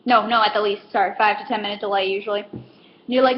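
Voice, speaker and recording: Here a young woman does casual stand-up as a comedic vlogger, her medium-pitched voice steady in tone and quick in pace. Fillers pepper her rambling, and she acts out customers along the way. Faint hiss runs under a roomy, dull lo-fi recording.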